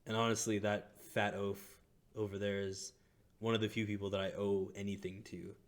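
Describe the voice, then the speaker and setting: A man voicing a scheming, vengeful male crime boss in a tabletop game, speaking in a calm, measured way. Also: lightly acted. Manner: calm and measured, flaring into booming rage.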